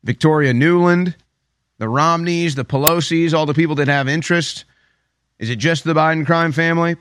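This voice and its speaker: A man's voice: a little high, moderate pace, fairly bright tone, a little hiss or hum. A man giving an opinion commentary monologue, emphatic and sarcastic, with a habit of repeating phrases for effect. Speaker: political commentator.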